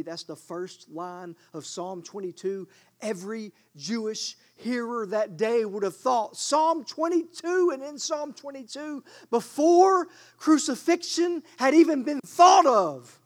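High-voiced preacher, dramatic swings. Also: male voice, takes it slowly. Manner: dramatic, swings from loud declaiming to quiet asides. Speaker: pastor. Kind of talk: sermon.

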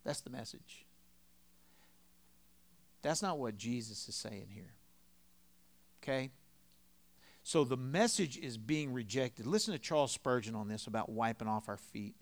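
A middle-aged man preaching a sermon in a conversational, storytelling way, swinging between loud and quiet. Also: mid-range voice, expressive, measured pace, pauses often. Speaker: pastor.

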